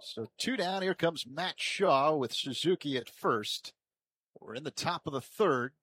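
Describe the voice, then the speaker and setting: A man calling baseball play-by-play from a ballpark booth, with measured calls that lift and get louder on each pitch. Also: lively intonation, slightly rough, no echo. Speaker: play-by-play announcer.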